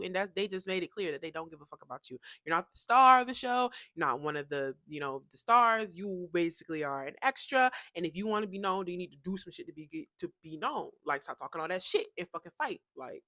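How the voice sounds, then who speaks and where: A woman's voice: fairly low pitch, lively intonation, fast, hardly any pauses, bright, forceful tone, no echo, clean studio sound. A woman hosting a reaction channel, chatting casually and recapping a show. She curses freely and acts out the quotes.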